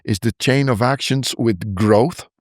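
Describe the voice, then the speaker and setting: A man's voice: medium pitch, unhurried, no room sound, clean studio sound. A man hosting a podcast interview, affirming his guest often and reflecting on her points. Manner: affirming, often backchannels with yeah. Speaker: podcast host.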